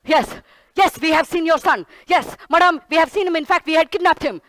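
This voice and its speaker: Brief: bumbling hunter with an Indian English lilt, fussy and repetitive, high and dry, a woman in a stage play. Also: brisk, fairly bright tone, no echo. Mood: panicky. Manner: fussy, rambling, repeats herself. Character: blustering bumbling hunter with pet Momo. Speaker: solo stage performer.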